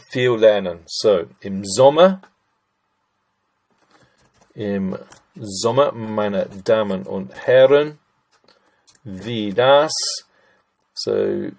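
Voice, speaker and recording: Here a middle-aged man with a lowish, somewhat mellow voice walks through German grammar in a screen-recorded lesson. He keeps it chatty, musing aloud over sentences and addressing listeners as ladies and gents.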